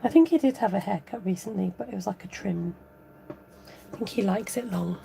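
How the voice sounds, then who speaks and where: A woman's voice: medium pitch, normal speed, creaky, dark tone, slight background noise. A woman chatting casually and giggling as she demonstrates a papercraft tutorial at home. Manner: chatty, giggly, talks while working. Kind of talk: casual crafting tutorial chat.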